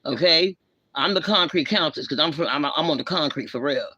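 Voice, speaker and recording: Woman, livestream rant, blunt and confrontational, heavy slang, tense sharp voice, dry close sound. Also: low-pitched, a little fast, slightly rough, no room sound, dull audio. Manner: scolding, lecturing tone. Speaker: livestream host. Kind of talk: ranting live commentary.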